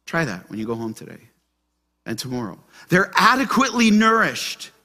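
A man preaching a sermon to his church, asking the congregation questions and shifting between loud emphasis and soft, gentle asides. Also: fairly high pitch, normal speed. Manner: animated, asks the congregation questions. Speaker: pastor.

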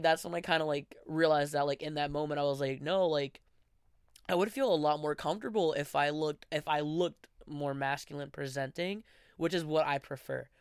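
A man's voice: on the high side, creaky, clear, resonant tone, no echo, studio quality. A young man telling a personal story casually, full of filler words and restarts. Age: young adult. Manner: constant filler "like", rambling restarts. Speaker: interviewee.

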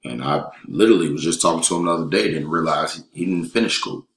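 Deep voiced guy, streetwise and emphatic, chatting in an echoey room. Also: quick pace. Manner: emphatic, streetwise, speaks in run-on bursts. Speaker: elementary school teacher and interview guest. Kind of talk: casual chat. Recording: roomy echo.

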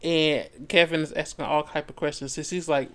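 Man, book podcast host, casual recap, fairly high voice, smooth and clear, profane, laughs easily. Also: fairly even intonation, moderate pace, a bit bright. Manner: loose and profane, laughs easily, acts out quotes. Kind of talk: casual chat recapping a novel.

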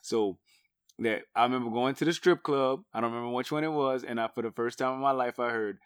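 A man's voice: medium pitch, quick pace, clean tone, dry recording, studio quality. A man chatting casually, telling stories in a hesitant way with many fillers. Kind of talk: casual chat.

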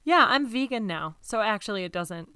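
A woman's voice: medium pitch, expressive, normal speed, sharp tone, clear, resonant tone. A woman in an improvised comedy scene, talking in a hesitant, politely evasive way.

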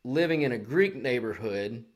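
A man's voice: mid-range voice, animated, moderate pace. A man co-hosting a podcast, riffing sarcastically in crude casual banter. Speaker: podcast co-host.

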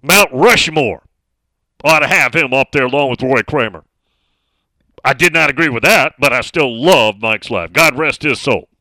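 A man's voice: mid-range voice, moderate pace, sharp tone, dry recording. A middle-aged man hosting a sports talk radio show, speaking emphatically and reading out listener messages.

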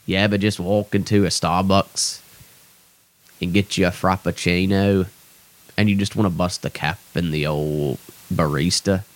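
A man's voice: low voice, steady tone, measured pace, voice pushed down. A man imitating an unfunny male radio DJ with a clumsy fake British accent, mocking him. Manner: mocking, bad put-on accent.

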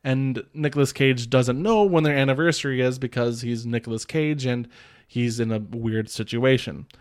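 A man's voice: mid-range voice, steady tone, moderate pace, smooth. A man hosting a podcast, casually recapping a film in a rambling way, with lots of filler words and restarts. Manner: rambling, many filler "like"s and restarts, chuckles often. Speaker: podcast host reviewing a film.

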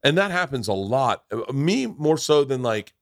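Male podcast host, mid-pitched, profane yarn-spinner, dry booth sound. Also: very animated, normal speed, no echo. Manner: profane storyteller, acts out quotes in voices. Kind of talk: casual chat.

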